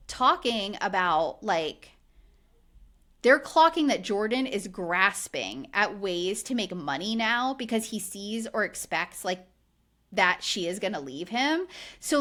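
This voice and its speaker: A woman's voice: mid-range voice, a bit bright. A woman co-hosting a podcast, recapping a reality show in casual, indignant chat full of "like". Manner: indignant, chatty, heavy use of "like". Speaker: podcast co-host.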